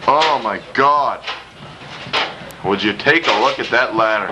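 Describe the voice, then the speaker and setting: A man doing profane, excited play-by-play of a backyard wrestling match while filming it, gasping and laughing. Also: mid-range voice, measured pace, very noisy. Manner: swears often, loud gasps and laughs. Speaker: backyard wrestling commentator and cameraman.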